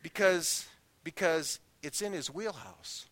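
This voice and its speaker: High, bright-voiced man preaching folksy stories. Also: slow pace. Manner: folksy anecdotes, animated quoted voices. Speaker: guest preacher. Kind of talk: sermon with storytelling.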